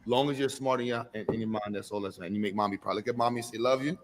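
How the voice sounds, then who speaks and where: A man's voice: on the low side, fairly even intonation, very fast, slight background noise. A man hosting a live expo, coaxing a child with playful, hype-filled encouragement. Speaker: event host. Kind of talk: energetic live event hosting.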